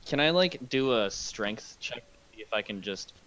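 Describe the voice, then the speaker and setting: A man's voice: medium pitch, lively intonation, moderate pace, fairly bright tone, low-quality recording. A man playing a tabletop game, talking casually and filling his requests with "like". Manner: casual, lots of "like". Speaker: player.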